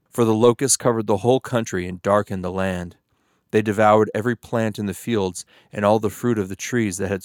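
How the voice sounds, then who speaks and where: Male Bible reader; measured, steady scripted delivery, low pitch, dry studio sound. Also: dry recording.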